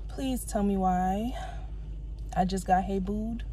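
A woman's voice: medium pitch, slow pace, mellow, slight background noise, low-quality recording. A young woman, venting exasperated rants to her vlog camera from her car. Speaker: vlogger.

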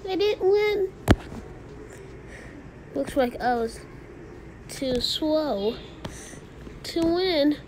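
A woman's voice: high-pitched, expressive, drawn-out words, pauses often, background noise, voice pushed up, exaggerated voice. A woman voicing a squealy Peashooter gamer. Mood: excited. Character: excitable Peashooter plant gamer. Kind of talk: gaming commentary in character. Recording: loud music under the voice.

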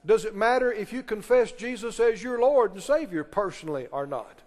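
A pastor preaching a sermon in a church, emphatic and pressing the congregation with questions and call-and-response. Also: male voice, high-pitched, animated, normal speed, darkish tone. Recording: long reverb of a large hall.

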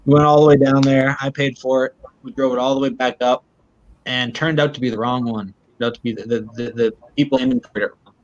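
A man being interviewed, retelling events in a halting way and often repeating words. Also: mid-range voice, steady tone, highs cut off. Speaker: interview guest.

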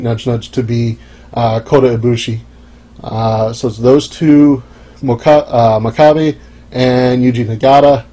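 A man's voice: mid-range voice, warm tone, low-quality recording. Wry, offhand male podcast host. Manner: dry, offhand and wry, with frequent "uh" pauses. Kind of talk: casual solo podcast monologue.

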